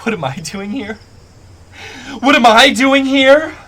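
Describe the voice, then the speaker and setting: A man's voice: slow pace, bright, forceful tone, slight background noise, full character voice. A man voicing a frantic, sobbing young woman covered in mud, in a tabletop game. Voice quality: high, strained, sobbing voice.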